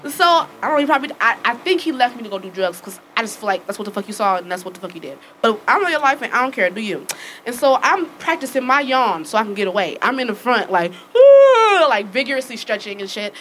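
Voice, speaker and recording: A woman telling a story casually to friends, acting out the dialogue with lively swearing and frequent laughter. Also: a little high, fast, a little hiss or hum, low-quality recording. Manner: animated, acts out quoted dialogue with swearing; laughs often while telling.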